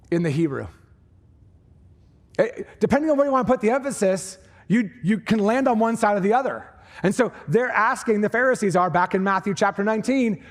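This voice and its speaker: A pastor preaching a conversational sermon in a church, with lively asides to the congregation. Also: male voice, sits high. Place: church sanctuary.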